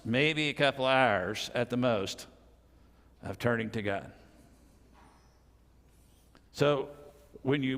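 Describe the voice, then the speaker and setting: An older man in his sixties preaching a sermon in a plainspoken, folksy way, with slow, emphatic pauses. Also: mid-range voice, a bit bright. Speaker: pastor. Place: church sanctuary. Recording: reverberant church hall.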